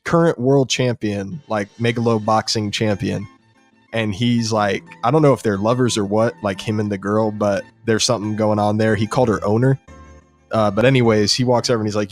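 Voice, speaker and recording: A young man hosting a podcast, excitedly retelling a show episode in casual, profane chat. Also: lowish voice, normal speed, faint music behind. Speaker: podcast host.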